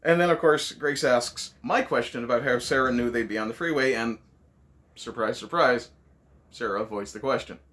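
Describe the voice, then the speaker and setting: A man's voice: mid-range voice, moderate pace, a bit bright. A man hosting a casual movie review, ranting sarcastically with lots of swearing.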